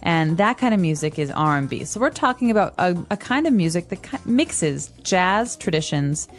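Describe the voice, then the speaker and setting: A woman's voice: fairly low pitch, big pitch swings, moderate pace. A woman from the United States co-hosting an English-learning podcast, explaining words with examples in casual chat. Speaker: podcast co-host, English teacher.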